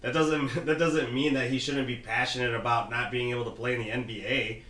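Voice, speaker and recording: A man's voice: mid-range voice, fairly even intonation, pushed and bright, reverberant. A man co-hosting a podcast, pushing back in casual sports debate. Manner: argumentative, quick pushback. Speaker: podcast co-host.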